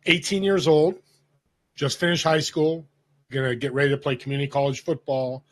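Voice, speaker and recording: A man in his fifties from Northern California, with a slightly high voice and moderate pace, tells a story as a guest in a casual podcast interview. He's an animated storyteller who acts out the voices of the people he quotes.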